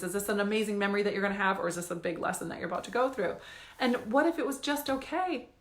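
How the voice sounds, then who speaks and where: A woman's voice: fairly high pitch, sharp tone, reverberant. A woman money coach giving a casual motivational talk on a live stream, swearing and laughing as she talks.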